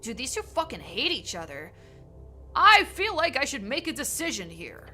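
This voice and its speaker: A woman's voice: sits high, very animated, normal speed, bright, forceful tone, faint music behind. A woman streamer playing a game live, reading the text aloud and reacting playfully, laughing and swearing casually.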